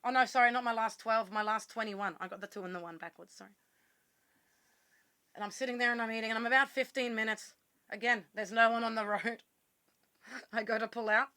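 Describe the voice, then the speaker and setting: Australian woman vlogger; very bright, sharp tone, dry close mic, blunt storyteller who swears casually. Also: medium pitch, steady tone, normal speed, pauses often, no echo. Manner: blunt, swears freely, quotes herself.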